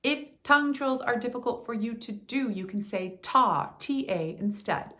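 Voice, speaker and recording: A woman's voice: on the high side, expressive, normal speed, sharp tone. Upbeat woman voice coach. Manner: upbeat, encouraging, talks straight to the listener. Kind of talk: guided warm-up instruction.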